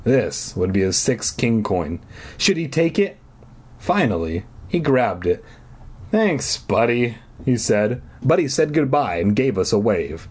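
A man's voice: on the low side, big pitch swings, measured pace, husky. A man reading a children's horror book aloud and then chatting in a crude, sarcastic, rambling way. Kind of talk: storybook reading and casual chat.

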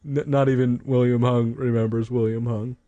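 A man's voice: mid-range voice, flat delivery, moderate pace, dark tone, lo-fi sound. A man reading a children's horror book aloud, breaking off for playful, self-mocking asides and swearing. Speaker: reader.

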